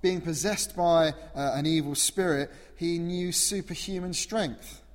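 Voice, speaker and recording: A man delivers a sermon in a slightly high voice, earnest and emphatic, working through his points with rhetorical questions. His words ring out with the long echo of a large church hall. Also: unhurried. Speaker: preacher.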